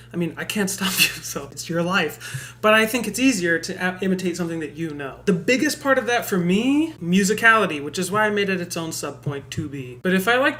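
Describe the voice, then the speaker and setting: A man's voice: sits high, a bit bright. A man casually explaining a voice technique in a tutorial, with an offhand, dry joking manner.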